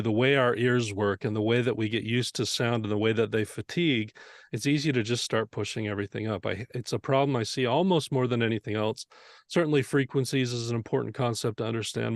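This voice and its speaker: A man teaching audio mixing in an earnest, explanatory way, often posing questions to the listener. His voice sits at a middle pitch and is recorded close and dry, with no room sound. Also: no room sound. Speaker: mixing instructor.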